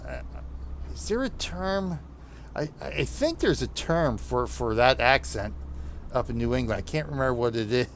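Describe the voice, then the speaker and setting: A man with a New Jersey accent talks loosely to his viewers as he plays a trucking game, often breaking off and restarting his sentences. His pitch sits in an ordinary middle range. A faint hum of noise sits under the voice. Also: lively intonation. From New Jersey, USA. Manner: rambling, halting restarts, chuckles often. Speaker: streamer playing a truck game. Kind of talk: casual chat while gaming.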